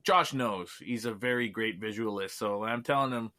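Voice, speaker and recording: A man from Canada, a filmmaker guest on a podcast, talking casually and relaxed, laughing often between remarks. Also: fairly low pitch, moderate pace.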